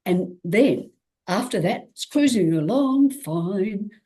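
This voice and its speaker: Woman telling her story in an interview, animated. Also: mid-range voice, takes it slowly. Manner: animated, acts out quoted dialogue, frequent restarts. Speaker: guest athlete.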